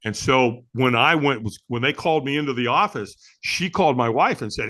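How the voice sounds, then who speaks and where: With a mid-range voice and a fairly quick pace, this middle-aged firewalk instructor barely pauses as the interview guest. He spins stories in a casual chat, animatedly acting out quotes and laughing a lot.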